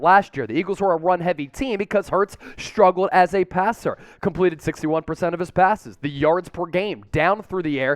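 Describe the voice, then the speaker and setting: A man's voice: high-pitched, no room sound, studio quality. Emphatic man hosting a sports news show. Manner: emphatic, hyped-up fan delivery. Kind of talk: energetic sports news commentary.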